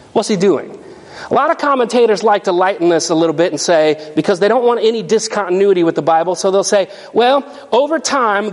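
A man preaching a sermon as pastor, emphatic and animated, asking the congregation rhetorical questions. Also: sits high. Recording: long hall reverb.

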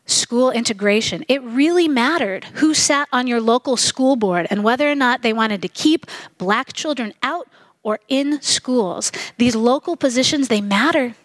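A middle-aged woman preaching a sermon, earnest and measured, slowing down to stress key phrases. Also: a little high, animated, no room sound. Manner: earnest, measured, slows for emphasis.

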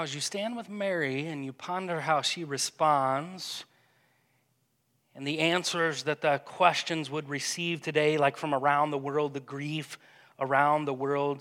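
A man leading a congregation through a guided prayer meditation, speaking gently and hesitantly, often repeating words. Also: on the high side. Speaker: pastor. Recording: long reverb of a church hall.

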